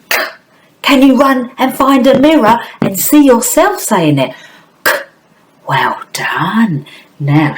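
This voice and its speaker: A woman's voice: on the low side, low-quality recording. A woman teacher giving a phonics lesson to young children, in an exaggerated, coaxing sing-song. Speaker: primary school teacher.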